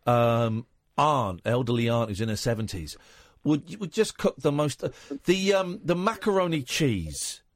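A man's voice: mid-range voice, animated, moderate pace, dry recording, studio quality. A man hosting a late-night radio phone-in, teasing and self-mocking in casual chat. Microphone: studio microphone.

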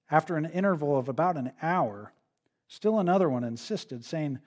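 A male pastor with a mid-range, slightly mellow voice preaches an expository sermon in a brisk, expressive, conversational way. He checks in with listeners often, tagging lines with "right?"

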